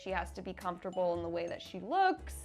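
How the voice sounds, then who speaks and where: A woman from Canada reading Reddit posts aloud and giving animated, slangy commentary with frequent laughter. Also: lowish voice, fast, soft background music.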